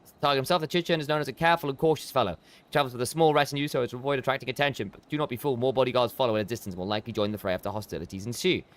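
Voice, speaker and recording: A man's voice: medium pitch, steady tone, very fast, lightly acted. A man reading game dialogue aloud, voicing a stiff, formal quest-giver briefing an ambush in a put-on accent.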